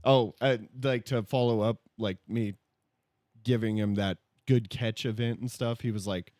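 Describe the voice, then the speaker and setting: A man's voice: fairly low pitch, a little slow, no echo. Dry, close-miked man telling stories. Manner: animated storyteller, swears freely. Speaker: podcast host. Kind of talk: casual podcast chat.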